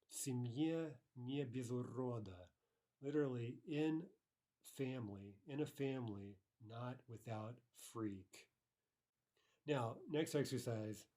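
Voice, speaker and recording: A man with a lowish voice leads a recorded language lesson. He works through the examples patiently, repeating each phrase slowly. His explanations are loose, with fillers and quick self-corrections. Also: warm tone. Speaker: language teacher.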